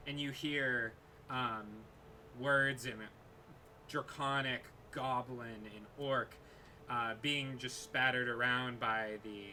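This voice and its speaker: A man narrating as game master of a tabletop game, unhurried and hesitant with many fillers. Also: mid-range voice, pushed and bright, a little hiss or hum.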